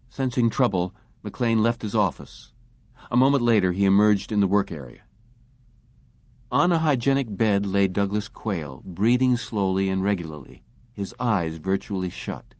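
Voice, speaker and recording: A man reading a science fiction story aloud as an audiobook narrator, in a measured way. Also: fairly low pitch, expressive, a little mellow, no echo. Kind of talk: scripted narration.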